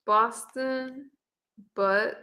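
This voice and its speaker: A middle-aged woman hosting a casual livestream, chatting in a relaxed way and reading viewer comments and recipes aloud. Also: fairly high pitch, drawn-out words. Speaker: livestream host. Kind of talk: casual live-stream chat. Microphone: webcam or phone on camera.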